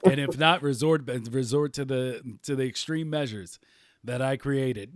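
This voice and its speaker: A man's voice: medium pitch, unhurried. A man hosting a podcast, chatting casually, rambling and often breaking into laughter. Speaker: podcast host.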